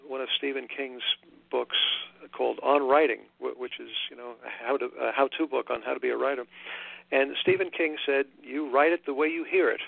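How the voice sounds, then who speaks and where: An older man from Long Island, an author being interviewed on the radio, talking in a halting way with many fillers and restarts. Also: mid-range voice, creaky, dry recording. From Long Island, New York. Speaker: author guest. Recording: tinny phone line.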